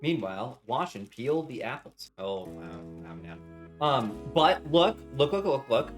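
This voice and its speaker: A man's voice: mid-range voice, big pitch swings, unhurried, soft background music. A young man streaming casually from his home kitchen while he bakes, rambling cheerfully and greeting his chat with strings of hellos.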